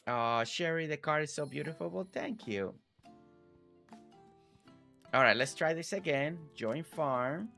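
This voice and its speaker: A man's voice: fairly high pitch, lively intonation, measured pace, gravelly, pauses often, soft background music. Friendly man streaming a farm game. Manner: friendly, reads chat aloud, warm thanks to viewers. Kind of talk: casual live-stream chat.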